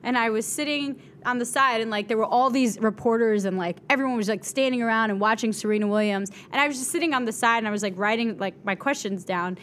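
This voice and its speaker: Young woman from new york, kinda high voice, super animated storyteller, lots of "like", bit of background hiss. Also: fast, few pauses. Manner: animated, acts out quotes with big pitch jumps, fillers like "like". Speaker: guest. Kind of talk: casual storytelling chat.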